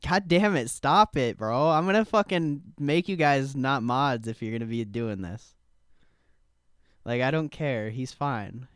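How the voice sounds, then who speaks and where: Young man, streamer, relaxed, smooth voice, dry close sound, slow easy pace. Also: medium pitch, no echo. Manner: laid-back, swears casually, laughs often, talks to chat. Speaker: stock trading livestream host. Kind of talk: casual live-stream chat.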